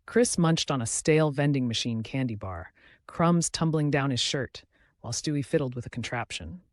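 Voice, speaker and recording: A man giving scripted narration of a comic cartoon story in a wry, deadpan manner. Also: medium pitch, no room sound, studio quality.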